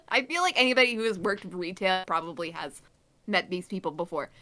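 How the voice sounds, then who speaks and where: A woman's voice: on the low side, lively intonation, moderate pace, sharp tone. A woman co-hosting a podcast in casual chat, ranting in an exasperated, blunt way. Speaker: podcast co-host.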